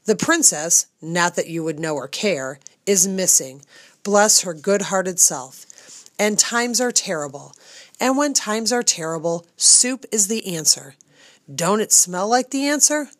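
A woman voicing a stout, middle-aged female castle cook who is gruff but kind and talks in rustic, folksy grammar. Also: mid-range voice, animated, unhurried, no echo, close to an everyday voice. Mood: coaxing.

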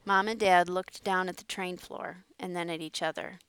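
A woman narrating a storybook in a measured way. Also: lowish voice, fairly even intonation, a bit bright, clear, resonant tone, no echo.

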